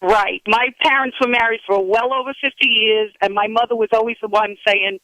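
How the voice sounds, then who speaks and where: A woman's voice: on the high side, steady tone, fairly quick, pushed and bright, poor audio. A woman calling in to a radio show by phone, friendly and telling a family story. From Ireland. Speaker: caller. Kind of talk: call-in chat. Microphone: telephone.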